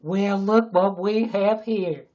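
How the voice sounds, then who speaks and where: A man doing a slow, menacing Texan drawl as an angry, swearing tough guy. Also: high-pitched, fairly even intonation, darkish tone, highs cut off, voice pushed up. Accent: Texan, put on.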